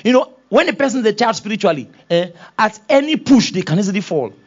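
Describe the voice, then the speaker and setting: Pastor man preaching, high lively voice, kinda dull lo-fi sound. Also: fast talker. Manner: animated, acts out quoted voices, laughs often. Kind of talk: sermon.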